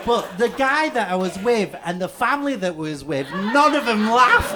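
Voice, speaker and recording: English male comic in his thirties, lively stand-up delivery, a bit high, live gig noise. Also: moderate pace. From England. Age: 30s. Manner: animated, rising to loud outbursts for punchlines. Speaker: stand-up comedian. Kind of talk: stand-up comedy set. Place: comedy stage before a live audience.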